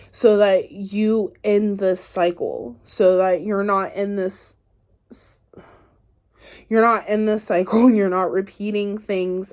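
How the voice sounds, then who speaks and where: A woman's voice: medium pitch, a little mellow. A woman giving a casual spiritual tarot reading to camera, chatty and encouraging, talking straight to the viewer and saying "like" and "y'all". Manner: loose and playful, says "like" and "y'all". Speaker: tarot card reader.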